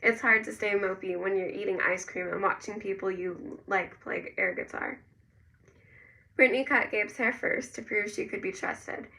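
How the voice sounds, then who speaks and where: Bright, gravelly woman narrating a novel. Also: medium pitch, normal speed, far from the mic, rough recording. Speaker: audiobook narrator. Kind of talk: first-person novel narration.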